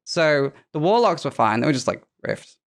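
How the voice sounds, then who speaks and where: Speaking at a moderate pace in a deep voice, a woman guests on a podcast and swaps gaming stories in relaxed conversation, cursing freely and performing the quotes with animated energy.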